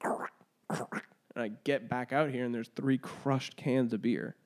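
A man's voice: medium pitch, steady tone, measured pace, darkish tone. A man hosting a casual podcast, joking loosely and swearing freely. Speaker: podcast host.

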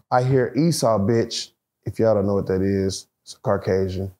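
A man telling a story in casual, profane, animated talk, acting out the voices of the people in it. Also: on the low side, normal speed. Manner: profane, animated retelling, acts out quoted voices.

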